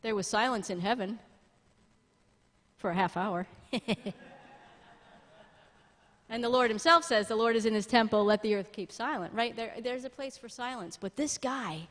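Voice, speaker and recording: A middle-aged woman pastor preaching a sermon in an animated way, often laughing and building to loud emphatic peaks. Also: fairly high pitch, moderate pace, long pauses. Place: church sanctuary. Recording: long church-hall reverb.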